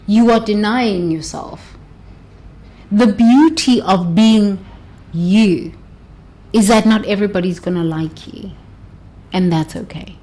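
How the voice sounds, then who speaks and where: A woman giving an expressive motivational talk, stretching words for emphasis and laughing often. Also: medium pitch. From South Africa. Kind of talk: motivational monologue.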